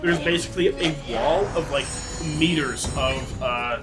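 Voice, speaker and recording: High-voiced young man telling a rambling story. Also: unhurried, over loud music. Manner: rambling, profane, animated. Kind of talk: casual storytelling chat.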